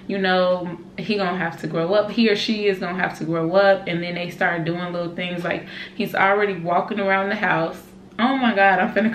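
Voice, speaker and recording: Chatty young mom vlogger, echoey room. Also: female voice, lowish voice. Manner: chatty, emotional, many fillers like "like" and "y'all". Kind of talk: casual chat to camera. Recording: echoey room with faint noise.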